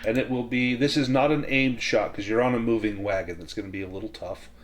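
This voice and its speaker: A man as game master of a tabletop western game, calmly explaining the rules step by step. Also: medium pitch, quick pace.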